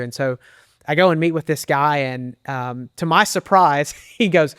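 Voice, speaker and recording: A middle-aged man tells his testimony in an earnest, candid way, pausing as the emotion rises. His voice sits a touch higher than most men's and sounds smooth and resonant. It is recorded close and dry. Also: fairly bright tone, no echo. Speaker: associate pastor and men's minister. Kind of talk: personal testimony in an interview.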